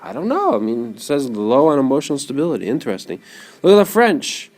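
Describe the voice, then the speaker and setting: A man's voice: mid-range voice, very animated, quick pace, darkish tone. Man lecturing a class, asking questions.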